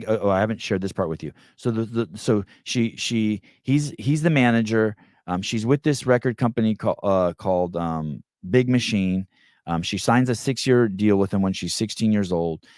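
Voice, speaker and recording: A man's voice: lowish voice, a little mellow, no echo, clean studio sound. A man hosting a podcast, retelling a story in a loose, rambling way with many restarts. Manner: rambling, restarts often, acts out quotes. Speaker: podcast host. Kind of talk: casual monologue.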